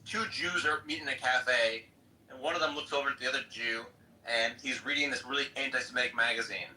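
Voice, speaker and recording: A man's voice: medium pitch, quick pace, bright, forceful tone, recorded from a distance, slight background noise, rough recording. A man hosting a casual online voice chat, joking around and telling jokes. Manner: joking, laughs easily, tells jokes. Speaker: host.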